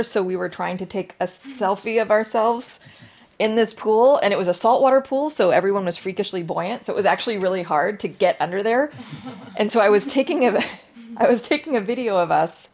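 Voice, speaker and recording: An adult woman telling stories in a casual group discussion, with lively asides. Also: medium pitch, moderate pace, creaky. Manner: chatty storytelling, lively asides. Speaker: discussion participant.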